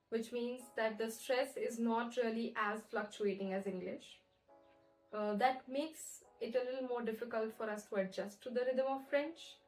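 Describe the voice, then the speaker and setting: A woman teaching French pronunciation in an online lesson, explaining clearly and slowing down to model words. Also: on the high side, low-quality recording.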